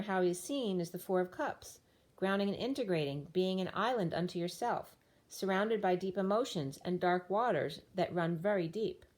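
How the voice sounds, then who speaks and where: Lady doing a tarot reading, voice wearing out, rattles off card meanings in bits and pieces. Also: mid-range voice. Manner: lists card meanings in loose fragments. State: losing her voice. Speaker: tarot reader.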